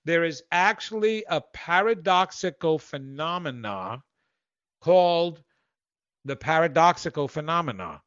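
A man's voice: on the high side, lively intonation, measured pace, fairly bright tone, clean tone, no room sound, lo-fi sound. A male host giving a casual self-help talk, rambling and correcting himself in a playful way.

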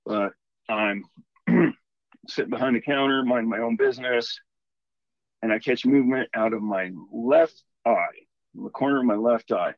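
A man's voice: mid-range voice, moderate pace, long pauses, no room sound. Man telling a story over a dull line. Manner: animated, rambling storyteller. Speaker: caller telling a ghost story. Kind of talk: casual storytelling.

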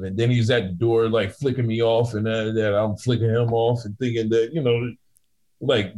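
Man telling a lively bouncer story. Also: medium pitch, normal speed, poor audio. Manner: animated, acts out both sides of the story. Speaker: guest bouncer. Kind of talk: casual storytelling.

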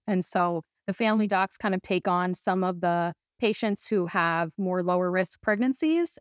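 A woman's voice: on the low side, no room sound, clean studio sound. Chatty Minnesotan woman doctor. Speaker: guest doctor. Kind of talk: casual podcast interview.

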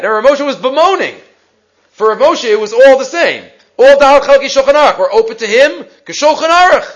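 A man teaching a Torah class, reading Hebrew texts aloud and retelling stories with animated quotes. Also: very high-pitched, moderate pace, poor audio.

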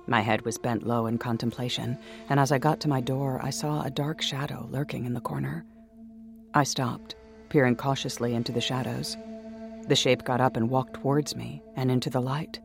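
A male narrator with a creaky, mid-range voice reads a first-person audiobook story. His delivery is dramatic and intense, occasionally sinking to a whisper.

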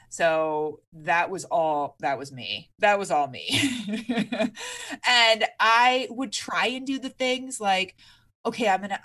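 A woman's voice: fairly low pitch, fairly bright tone. A woman in her thirties from Michigan, a fitness coach telling her own story as a podcast guest in an earnest, emphatic way. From Michigan, USA. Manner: earnest, emphatic, speeds up and slows down. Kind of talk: candid podcast interview storytelling.

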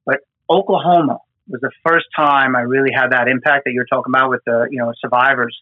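A man's voice: medium pitch, steady tone, fast, no room sound. A man who works disaster response, telling stories from the field in an earnest, emotional way that often repeats words. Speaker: disaster responder with New York fire department team. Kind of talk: conversational storytelling. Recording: tinny phone-like line.

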